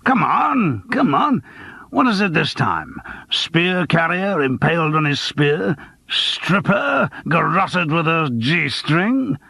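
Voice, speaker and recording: A man's voice: on the high side, takes it slowly, gravelly, no room sound, pitched above the performer's own voice, heavily acted. A man voicing a worldly, wry lawyer who is an old friend of the hero, in an audiobook. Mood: teasing. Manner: wry, teasing, lively. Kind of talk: audiobook character voice.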